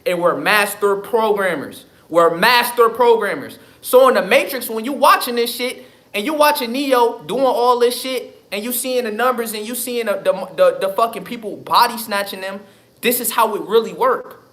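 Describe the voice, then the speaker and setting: Emphatic high-voiced man ranting on a live stream. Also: moderate pace, fairly bright tone. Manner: emphatic, profane, repeats himself. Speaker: livestream host. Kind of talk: casual livestream talk.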